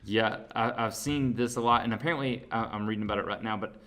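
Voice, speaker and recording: A young man co-hosting a casual podcast, relaxed and hedging, often unsure of himself. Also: lowish voice, quick pace. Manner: relaxed, hedging, self-deprecating. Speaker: podcast co-host. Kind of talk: casual chat.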